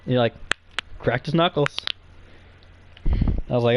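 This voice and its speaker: A man's voice: medium pitch, steady tone, moderate pace, long pauses, a little mellow, a little hiss or hum. A young man streaming, telling stories in a rambling, profane way full of fillers. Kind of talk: casual live-stream chat. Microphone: streaming mic.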